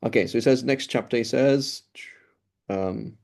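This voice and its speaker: A man's voice: mid-range voice, unhurried, gravelly, a little mellow. A middle-aged man giving an informal lecture as an Islamic studies teacher, talking casually with many fillers and restarts.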